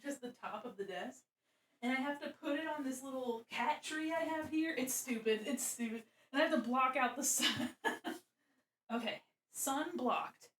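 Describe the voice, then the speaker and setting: A woman's voice: high-pitched, measured pace, a bit bright, slight background noise. A woman streamer chatting casually while she draws. She is bubbly, greets her chat and exclaims often.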